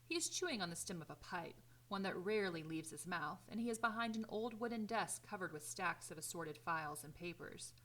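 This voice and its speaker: A woman teacher reading a novel aloud in a steady, clear storytelling way. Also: lowish voice, brisk, few pauses.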